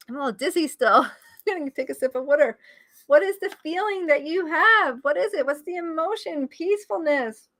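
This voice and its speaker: A woman's voice: lively intonation, a little fast, a bit bright, no echo. Upbeat woman coaching a live session. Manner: enthusiastic, bursts into high whoops and cheers; coaxing guided-exercise delivery. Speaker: life coach.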